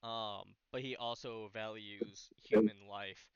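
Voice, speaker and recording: A man's voice: fairly low pitch, fairly even intonation, slow, a little mellow, dull audio. A man playing a tabletop game, talking hesitantly with frequent restarts. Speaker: player. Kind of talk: casual tabletop game play.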